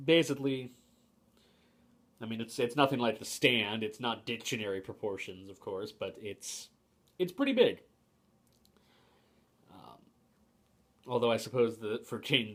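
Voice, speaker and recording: A young man with a fairly low voice talks through a book review in a casual, unscripted way. He hesitates often, restarts his sentences and fills pauses, but states his opinions plainly.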